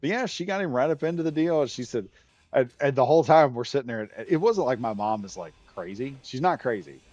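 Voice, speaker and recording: A man's voice: mid-range voice, animated, fairly quick, a little mellow, dry recording. Laughing rambling male streamer. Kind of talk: casual storytelling chat. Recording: dull dry lo-fi sound.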